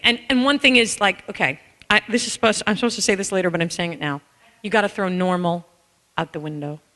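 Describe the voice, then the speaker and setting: A woman speaks to a room full of people in a lively, candid storytelling manner, sometimes slipping into bits of song. Her voice sits at an ordinary middle pitch. The sound carries the long, ringing reverb of a large hall. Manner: animated and candid, breaks into song snippets. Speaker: author and caregiver speaking to an audience. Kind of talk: conference talk, personal storytelling.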